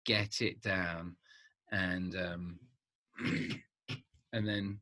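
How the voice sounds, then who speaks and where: A man's voice: sits low, extremely slow, no echo. Rambling man in his fifties. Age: 50s. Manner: rambling, many restarts, animated swings in loudness. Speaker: vlogger. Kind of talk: casual monologue to camera.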